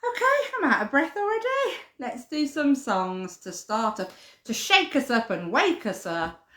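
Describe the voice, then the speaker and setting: A woman's voice: sits high, big pitch swings, a little slow, a bit bright. Sing-song woman leading a toddler playgroup. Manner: sing-song, chatty delivery aimed at toddlers and parents. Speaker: playgroup leader. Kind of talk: live-streamed children's playgroup session. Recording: echoey room.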